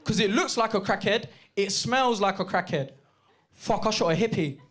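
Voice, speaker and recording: A man performing a lively stand-up set, telling stories with shouted impressions. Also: high-pitched, moderate pace. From Jamaican heritage, East London. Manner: animated storytelling with bursts of shouted impressions. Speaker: stand-up comedian. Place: comedy club stage. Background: audience laughter.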